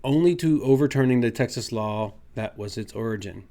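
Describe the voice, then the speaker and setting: Rich: A man talking straight to his viewers in a commentary vlog, his voice sitting at an everyday middle pitch. He rants with heavy sarcasm, pressing hard on his points and arguing them out one by one. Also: a little fast, mellow. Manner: sarcastic, ranting; emphatic, argumentative. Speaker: vlogger.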